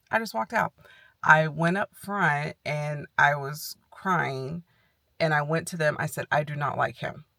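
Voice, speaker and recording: A woman's voice: low-pitched, vocal fry, dry recording, clean studio sound. A woman in a casual vlog, candidly and animatedly telling a personal story and quoting what others said to her. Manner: candid and animated, retelling with quoted dialogue. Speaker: health vlogger.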